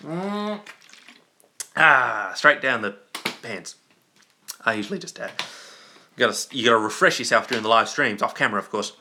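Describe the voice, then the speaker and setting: A man's voice: mid-range voice, quick pace, pauses often, bright, forceful tone, slight background noise. A young man hosting a live stream, rambling and joking in a casual chat full of restarts. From Australia.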